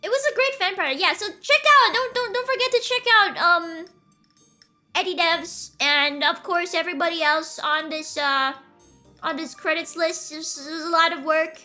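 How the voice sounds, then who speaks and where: A young woman streaming a game, chatting in a bubbly, excitable way and squealing when delighted. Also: very high-pitched, normal speed, soft background music. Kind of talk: casual game stream commentary.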